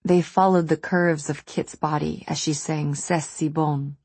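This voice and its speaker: A woman reading a novel aloud in measured, steady scripted narration. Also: sits low, slightly rough, no echo. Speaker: audiobook narrator.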